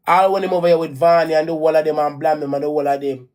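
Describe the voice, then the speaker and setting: Rapid-fire with few pauses, this Caribbean woman speaks in a low, mellow voice with fairly even intonation and a Jamaican accent. Her vlog is a rambling personal-story rant full of restarts, repeated phrases and blunt swearing.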